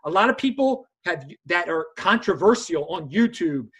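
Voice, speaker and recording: A man hosting a casual chat, talking in an animated way and mocking others in a high voice. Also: moderate pace, breathy edge. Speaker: host.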